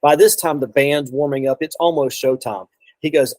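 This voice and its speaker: A man's voice: a little high, fairly even intonation, moderate pace, a little mellow, no echo, poor audio. Rambling storytelling man, dry sound. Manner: rambling anecdotal, many restarts and quoted asides. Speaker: guest drummer. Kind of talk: casual storytelling.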